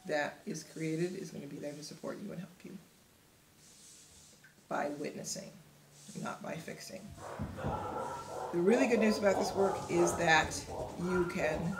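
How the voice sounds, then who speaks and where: A woman's voice: lowish voice, echoey room, very noisy. A woman teaching a book discussion in an earnest, direct, encouraging way, laughing often, recorded at home. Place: home room.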